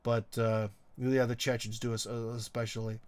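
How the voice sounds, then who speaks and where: A man's voice: medium pitch, level tone, moderate pace, darkish tone, smooth, no echo. Rambling middle-aged man, dry sound. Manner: rambling, heavy on ums and uhs; wry, teasing. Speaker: live stream host. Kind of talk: casual live stream chat, reading viewer comments.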